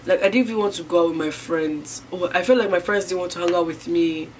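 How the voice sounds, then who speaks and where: A woman's voice: fairly low pitch, fast, a little hiss or hum. Young woman telling a personal story. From Niger. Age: young adult. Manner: rambling, filler-heavy, swinging between loud outbursts and hushed near-whispers. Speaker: vlogger. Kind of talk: casual personal storytelling to camera.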